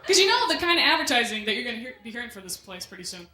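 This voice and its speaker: High-voiced woman doing stand-up. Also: big pitch swings. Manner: bantering with the crowd, quick asides. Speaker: MC and stand-up comic. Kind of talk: stand-up comedy set. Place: comedy club stage with a live audience. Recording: echoey club room with loud noise.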